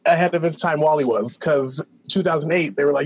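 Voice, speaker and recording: A woman co-hosting a podcast in casual chat, joking in an animated way. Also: sits low, a little fast, slightly rough. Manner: animated, jokey. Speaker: podcast co-host. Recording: loud background noise.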